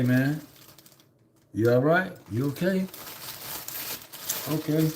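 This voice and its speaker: A man's voice: medium pitch, mellow, slight background noise. A man, livestreaming from home, rambling in a laid-back way with lots of fillers and laughs. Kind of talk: casual spiritual monologue.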